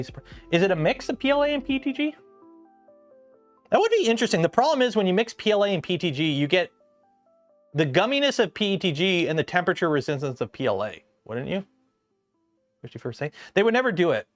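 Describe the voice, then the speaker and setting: A young man with a fairly high-pitched voice talks in a loose, rambling livestream chat. He drifts from one tangent to the next while he works on a project. Faint music plays in the background. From Canada. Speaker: livestream host.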